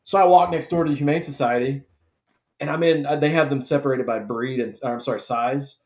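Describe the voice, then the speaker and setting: A man's voice: medium pitch, brisk. A man hosting a live draft stream, telling stories in a laid-back, casual way. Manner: chatty, storytelling, laid-back with swearing. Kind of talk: casual chat. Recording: echoey room.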